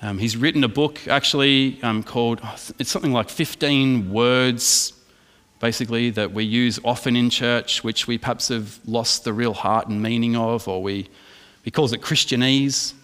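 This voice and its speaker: A man's voice: medium pitch, steady tone, normal speed, a bit bright, in a large hall. A man with an Australian accent preaching an emphatic sermon as pastor, asking the congregation questions.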